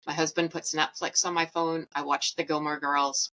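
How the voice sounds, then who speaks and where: A woman's voice: low-pitched, normal speed, low-quality recording. A young adult woman from Canada hosting a podcast, telling a personal story candidly and acting out the dialogue with laughs. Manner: animated, acts out quoted dialogue; candid and self-mocking, laughs while telling. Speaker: podcast host.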